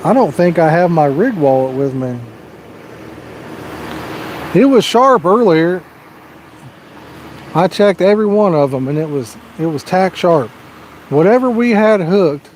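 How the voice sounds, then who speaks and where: A man's voice: fairly high pitch, expressive, measured pace, pauses often, darkish tone, slight background noise. Folksy man telling a joke while fishing. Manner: rambling, folksy storytelling with frequent "you know". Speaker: fishing livestream host. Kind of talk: casual live-stream chat and joke telling. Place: outdoors at a fishing spot. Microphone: personal microphone.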